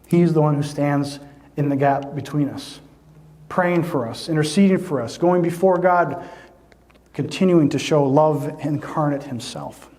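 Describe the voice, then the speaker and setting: A man with a fairly high voice preaches a sermon. He speaks earnestly and often repeats a word as he finds his way forward. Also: a little slow, warm tone. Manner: earnest, repeats words when searching for them. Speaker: pastor.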